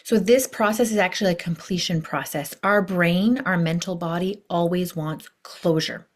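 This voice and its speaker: A woman's voice: on the low side, normal speed. A woman teaching a recorded online course as a life coach, speaking conversationally with rhetorical questions and acting out inner voices. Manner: animated, acts out inner voices in quotes.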